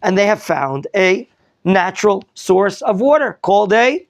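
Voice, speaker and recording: A man teaching a Torah class with a somewhat high voice and a gravelly, fry-laced texture. He questions his students and corrects their reading as he goes. The sound is close and dry. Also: a little slow, dry recording. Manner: lively teacher, quizzing students, mixing in Hebrew terms. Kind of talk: classroom Bible lesson.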